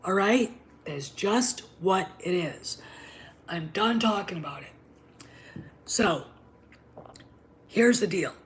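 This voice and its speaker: A middle-aged woman hosting a livestream, talking in an emphatic, combative way and often dropping to a low whisper. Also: animated, slow, pauses often, a little hiss or hum. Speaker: show host. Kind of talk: opinionated livestream monologue.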